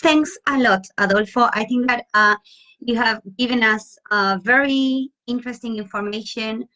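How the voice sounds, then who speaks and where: A woman's voice: on the high side, bright, forceful tone. A woman hosting an open talk, who thanks the guest and sums up what was said. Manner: brief acknowledging interjections, slow wrap-up. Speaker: host.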